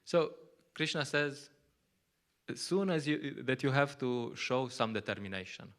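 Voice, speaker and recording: Teaching scripture in English at a temple, this Slovenian-native man keeps things conversational, frequently laughing and playing out short quotes. He speaks in a mid-range, expressive voice that is a little slow and somewhat bright.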